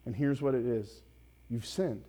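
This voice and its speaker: A man in his thirties, a pastor preaching a sermon, speaking directly to his congregation with frequent questions and building to loud, emphatic peaks. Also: medium pitch, measured pace.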